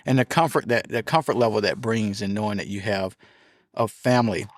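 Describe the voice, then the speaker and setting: A man's voice: lowish voice, fairly quick, no echo, clean studio sound. A man who is a military officer, a guest in a casual conversation, thinking aloud in a reflective way.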